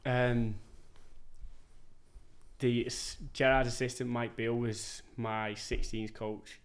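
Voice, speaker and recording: A man's voice: medium pitch, little pitch movement, slow pace. A man, telling stories as a podcast guest in a laid-back, sweary way. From England. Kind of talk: casual chat.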